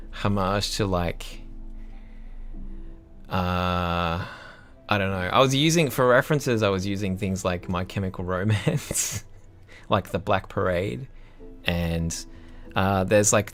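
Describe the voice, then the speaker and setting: With a lowish, somewhat bright voice, a young Australian man who composes music hangs out on his livestream, reading chat messages aloud. His manner is relaxed and meandering, broken up by frequent laughter.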